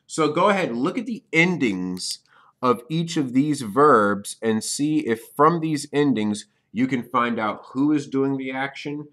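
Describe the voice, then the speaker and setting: A man's voice: mid-range voice, animated, a little slow, fairly bright tone. A man teaching a beginner's language lesson on video, explaining step by step and checking in often with "okay?". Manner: repeats key points for beginners. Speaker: Spanish teacher.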